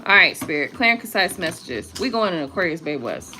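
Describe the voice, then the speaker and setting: A young woman with features, doing a casual live tarot reading. Her bright, sharp voice swings widely in pitch, chatty and quick to laugh and curse. A faint hiss sits behind her. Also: very animated. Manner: chatty, laughs often, swears, reads viewer comments aloud. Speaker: tarot reader.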